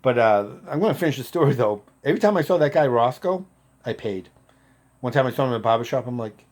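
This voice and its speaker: A man in his fifties, a former Marine, casually telling a profane story and getting loud when he quotes people. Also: mid-range voice, fast. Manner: profane, animated, loud when quoting others.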